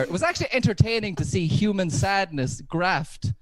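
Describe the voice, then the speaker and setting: A man's voice: high voice, expressive, fairly quick, slight background noise. A man performing a stand-up comedy set from home over a video call. He chats along and laughs at his own jokes.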